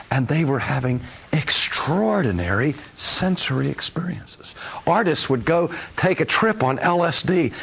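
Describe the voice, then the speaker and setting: An older man lecturing with a voice that rises and falls with animation. He sits a little high in pitch and slips into playful voices to act out his examples. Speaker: teacher. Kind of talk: recorded lecture.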